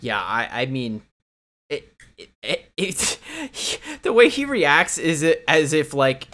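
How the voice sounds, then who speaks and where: A man's voice: fairly high pitch, huge pitch swings, takes it slowly, fairly bright tone. A man co-hosting a casual movie podcast, blunt and profane, retelling scenes with laughs. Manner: blunt, swears, laughs between lines. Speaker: podcast co-host.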